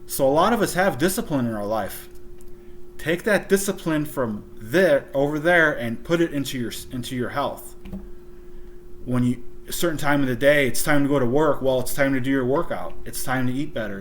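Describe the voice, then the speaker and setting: A man's voice: mid-range voice, brisk, a little hiss or hum. A man talking as a podcast guest, blunt and emphatic, swearing freely as he tells his story. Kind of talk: candid conversational storytelling.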